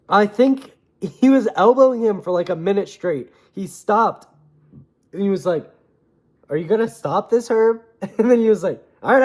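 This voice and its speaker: Fired-up man ranting about fights. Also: fairly high pitch. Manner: animated and opinionated, swears often. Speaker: MMA commentator. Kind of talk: casual fight-talk commentary.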